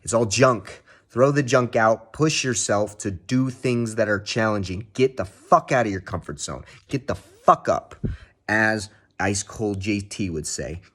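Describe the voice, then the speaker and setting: A man's voice: on the low side, a little slow, fairly bright tone. A young man vlogging a casual, heavily profane self-help pep talk. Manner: heavy swearing, pep-talk.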